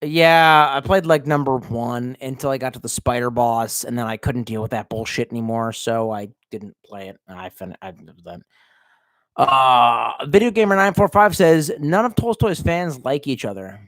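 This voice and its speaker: A man's voice: medium pitch, lively intonation, normal speed, a bit bright, dry recording. A man hosting a casual livestream, reading viewer comments aloud and answering in a crude, sarcastic rant. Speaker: livestream host reading chat.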